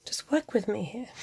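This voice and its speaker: A woman's voice: on the high side, gravelly, warm tone, slight background noise. A middle-aged woman hosting a craft video, chatting casually and muttering to herself as she works, with the odd giggle. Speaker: craft vlogger. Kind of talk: casual chat while crafting.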